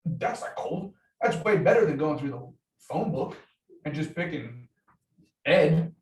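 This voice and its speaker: A man's voice: fairly high pitch, animated, measured pace. A man leading a group training session, upbeat and coaching, asking the room for input. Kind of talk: lively group training talk. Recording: roomy echo, distant mic, faint noise.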